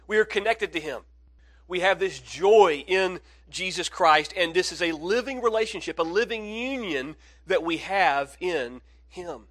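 Higher-voiced male pastor preaching earnestly. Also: animated, unhurried. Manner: earnest, swings from hushed to emphatic. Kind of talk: sermon.

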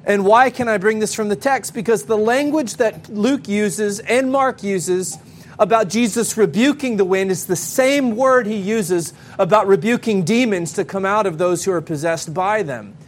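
A man preaching a sermon to a congregation, speaking to the children as well, with emphatic pauses. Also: sits high, slight background noise. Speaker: pastor.

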